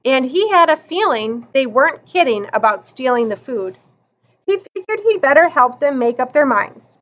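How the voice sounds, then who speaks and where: A woman narrating a children's novel in an expressive, deliberate audiobook reading. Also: high-pitched, dull audio.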